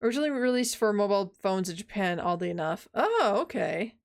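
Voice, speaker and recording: A woman's voice: medium pitch, very animated, a little fast, creaky. Chatty young woman streamer. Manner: chatty, self-mocking, loose slang. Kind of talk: casual let's-play commentary, reading game text aloud.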